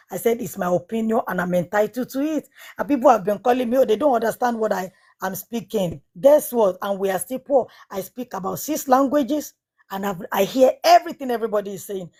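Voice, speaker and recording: A woman's voice: a little high, brisk, dark tone. A woman with an African accent on a live panel, defending her opinion in an insistent, repetitive way. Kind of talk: live audio panel discussion.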